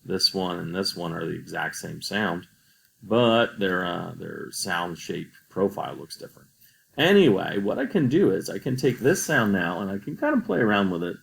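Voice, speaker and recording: A man's voice: deep voice, sing-song, normal speed, creaky, poor audio. A man teaching a coding tutorial over a screen recording, patient and explaining each step.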